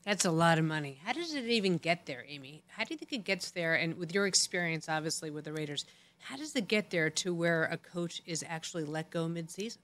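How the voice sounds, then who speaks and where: A woman's voice: on the low side, lively intonation, a little fast, fairly bright tone. A woman co-hosting a podcast, prompting her guest with inviting questions. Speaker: podcast co-host. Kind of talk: casual interview questions.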